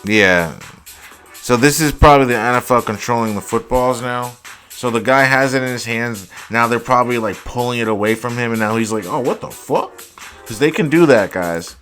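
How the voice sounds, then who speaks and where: A young man hosting a casual football highlights reaction, exasperated and profane, saying "like" constantly. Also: brisk, fairly bright tone, soft background music. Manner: exasperated, profane, heavy use of "like". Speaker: host.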